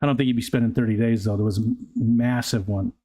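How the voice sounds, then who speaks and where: Older male livestream host, casual halting chatter, reads comments and drifts between topics. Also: medium pitch, steady tone, mellow. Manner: rambling, halting, with frequent restarts and fillers. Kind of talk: casual live chat reading viewer comments. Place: outdoors near a pond.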